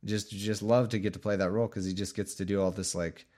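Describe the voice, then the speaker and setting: A man's voice: fairly low pitch, steady tone, fast talker, a little mellow. Rambling, irreverent man reading scripture. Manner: irreverent, joking, rambling, self-mocking. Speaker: scripture reader. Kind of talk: casual Bible reading with rambling asides.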